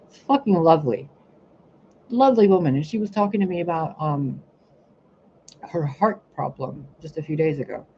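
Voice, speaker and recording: Her deep voice moves at a moderate pace with frequent pauses, captured in lo-fi sound with slight background noise. She's a spiritual reader and healer ranting on her own live stream, blunt and profane. Animated throughout, she acts out what others said in this casual rant.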